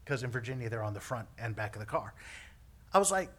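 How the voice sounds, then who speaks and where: A male minister preaching a sermon, telling a personal story in an animated way, with frequent laughs and repeated words. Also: mid-range voice, a little fast.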